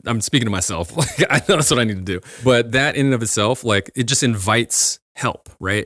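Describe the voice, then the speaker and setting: A man's voice: fairly low pitch, a bit bright, no echo, clean studio sound. A man in his thirties, a podcast host, giving casual advice in an earnest, rambling way with many restarts.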